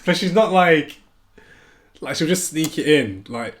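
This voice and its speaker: A man's voice: on the high side, lively intonation. A man co-hosting a casual podcast, asking questions and laughing often. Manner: laughing, teasing, quick asides. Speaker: podcast co-host. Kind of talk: casual banter.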